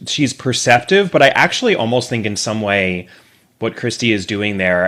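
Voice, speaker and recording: A man talking animatedly as a podcast guest in a casual book discussion. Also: on the low side. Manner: animated, acts out quoted characters.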